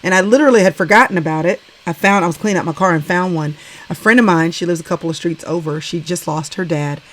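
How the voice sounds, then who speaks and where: A woman in her forties hosting a casual conversation over a video call, affirming and quick to laugh. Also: on the low side. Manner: warm, affirming, laughs often. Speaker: host.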